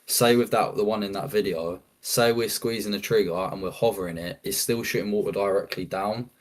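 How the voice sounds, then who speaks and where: A man's voice: lowish voice, steady tone, brisk. A man, a guest running a cleaning business, explaining his equipment in casual chat with many restarts. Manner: explains with many restarts, says "yeah" a lot.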